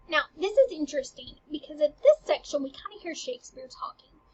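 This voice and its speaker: A woman's voice: sits high, big pitch swings, normal speed, few pauses. A young woman teaching a casual literature lesson, chatty, full of slang and "like". The recording is dull and lo-fi. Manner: chatty, uses slang and "like" a lot.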